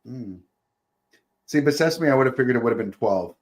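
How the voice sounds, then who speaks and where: A man's voice: medium pitch, lively intonation, fairly quick, long pauses. A man hosting a podcast in casual chat, joking, rambling and laughing often. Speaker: podcast host.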